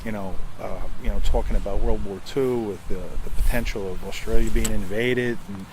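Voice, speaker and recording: A man's voice: fairly low pitch, fairly even intonation, moderate pace, background noise. An older man, a navy veteran, telling rambling stories from his service in a casual interview, full of fillers and restarts and acting out the people he quotes.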